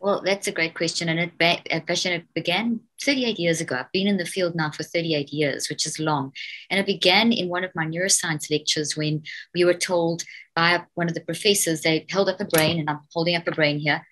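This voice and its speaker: A middle-aged woman with a South African accent speaks as a podcast guest. Her voice sits a little low for a woman, and she talks in an earnest, animated way, with quick laughs. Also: low-quality recording. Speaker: guest neuroscientist. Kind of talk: podcast interview.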